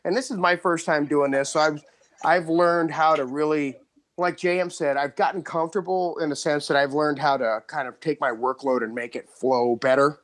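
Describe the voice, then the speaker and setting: A man hosting a podcast, telling a story in casual chat, excited, with frequent restarts and laughs. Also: on the high side, normal speed. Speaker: podcast host.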